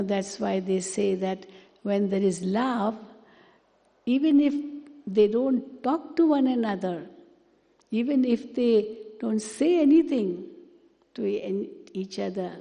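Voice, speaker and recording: A woman giving a spiritual class, speaking gently and repeating words for emphasis. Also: medium pitch, slow, vocal fry. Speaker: spiritual teacher. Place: meditation hall. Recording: long hall reverb.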